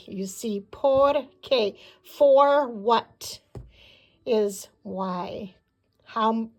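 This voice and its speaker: Woman teacher going thru spanish words real slow, kinda high voice. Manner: clear, deliberate pronunciation of words. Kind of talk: slow classroom lesson.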